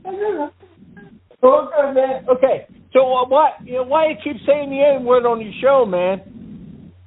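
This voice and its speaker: Man doing a very high, pushy street tough over a tinny phone line. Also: takes it slowly, breathy edge, full character voice. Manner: aggressive, repetitive threats. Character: hot-tempered Bronx tough man. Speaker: prank caller.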